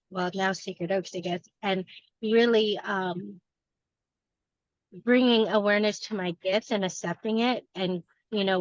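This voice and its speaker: A woman's voice: medium pitch, dry recording, dull audio. A woman in a book club earnestly sharing her personal reflections, rambling a little with restarts.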